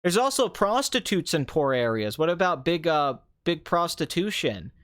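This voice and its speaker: A man's voice: fairly high pitch, very animated, moderate pace, a bit bright. A young man hosting a casual movie review talk, ranting sarcastically with mocking asides. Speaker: movie review podcast host.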